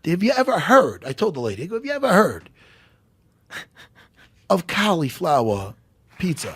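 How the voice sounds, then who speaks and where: A man co-hosting a casual studio chat, animated, joking and swearing freely. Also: high voice, normal speed, long pauses, slightly rough. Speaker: co-host and fight analyst.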